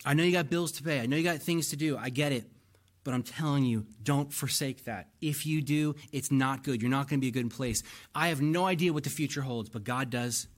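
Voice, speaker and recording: A man's voice: mid-range voice, fairly quick. A man preaching a sermon as pastor, earnest and pleading, repeating lines for emphasis and getting emotional.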